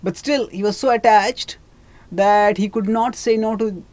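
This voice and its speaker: Teacher retelling an epic story, calm and explaining, lots of little restarts. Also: mid-range voice, dry recording. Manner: measured, explanatory, with restarts and fillers. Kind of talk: storytelling lecture.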